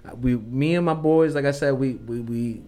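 A man's voice: medium pitch, moderate pace, dark tone. Rambling slangy young man. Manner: rambling, slangy, restarts often. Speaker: podcast co-host. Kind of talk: casual chat.

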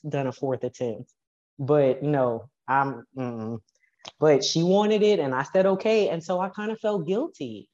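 A woman powerlifting coach, a podcast guest, telling stories in a lively, animated way and acting out what people said. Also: low-pitched, dull audio. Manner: animated, acts out quoted dialogue. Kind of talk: casual storytelling interview.

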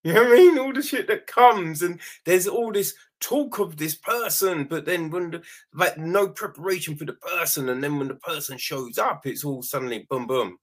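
A man giving a casual spoken film critique, animated, often tossing in "right?" and acting out quick quoted lines, with some swearing. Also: a little high. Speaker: film reviewer.

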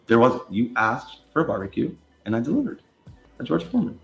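A man argues fast and defensively, sarcastic and swearing. His voice sits in a roomy space with faint music behind. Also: medium pitch, very animated, vocal fry, a bit bright, lo-fi sound. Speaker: streamer in a played clip. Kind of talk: heated argument.

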